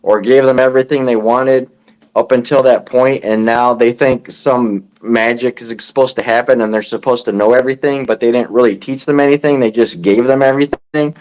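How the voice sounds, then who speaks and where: A man's voice: mid-range voice, fairly even intonation, fairly quick, darkish tone. A man co-hosting a podcast, talking reflectively and rambling, repeating words as he works out his point. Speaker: podcast co-host. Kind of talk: casual chat. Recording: dull lo-fi sound.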